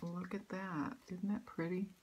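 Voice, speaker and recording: A woman's voice: fairly low pitch, level tone, measured pace, darkish tone, a little hiss or hum. A woman chatting casually at home about her stitching projects, rambling with lots of ums and restarts. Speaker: cross-stitch vlogger. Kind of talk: casual show-and-tell chat. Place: home room.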